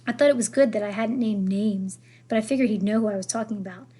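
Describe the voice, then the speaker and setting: A woman reading a children's novel aloud, with expressive storytelling. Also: mid-range voice, quick pace, slightly rough. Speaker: reader.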